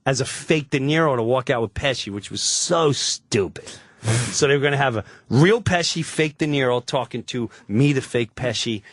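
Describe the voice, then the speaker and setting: A man, a guest comedian, telling an animated anecdote on a talk show, swearing freely and acting out the voices. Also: medium pitch, moderate pace, no echo, clean studio sound. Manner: excitable storyteller, swears freely, acts out voices.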